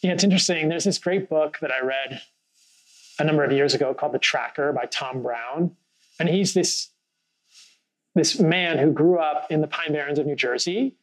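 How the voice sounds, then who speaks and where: A man's voice: fairly high pitch, moderate pace, poor audio. A man hosting a casual podcast conversation, talking earnestly and thoughtfully, telling a story with frequent fillers. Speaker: podcast host.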